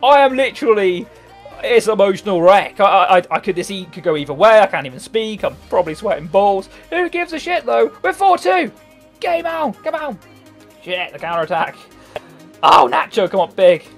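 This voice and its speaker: Excitable man yelling gameplay commentary. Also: sits high, moderate pace. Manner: excitable, swears often, bursts into loud shouts at goals. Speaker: gaming YouTuber. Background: faint background music.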